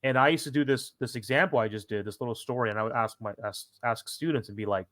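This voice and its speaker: A man's voice: medium pitch, fast, hardly any pauses, fairly bright tone, no echo, clean studio sound. A young man co-hosting a casual history podcast, a former teacher who rambles with many restarts and self-corrections. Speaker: podcast co-host.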